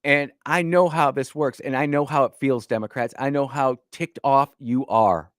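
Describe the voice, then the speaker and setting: A man hosting a political talk radio show from the studio. He talks in a folksy, emphatic way, stumbling and restarting often, at an ordinary middle pitch. The sound is dry and close, with no room to it. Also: fairly even intonation, moderate pace, no room sound. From Northern Illinois.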